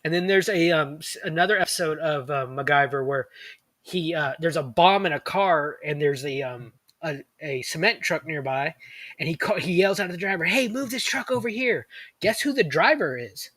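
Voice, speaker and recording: A man co-hosting a casual podcast chat, rambling excitedly and pausing to search for names. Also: on the high side, no echo. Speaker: podcast co-host.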